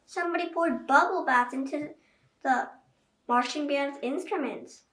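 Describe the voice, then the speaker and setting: A woman voicing an excited shouting sports fan in a children's storybook reading. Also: high voice, a little slow. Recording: echoey room, voice far from mic.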